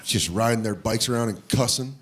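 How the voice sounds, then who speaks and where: A middle-aged man doing a stand-up comedy routine, loud and animated, breaking into shouted put-on voices. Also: on the low side, brisk. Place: comedy club stage before a laughing audience. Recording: live club recording with crowd noise.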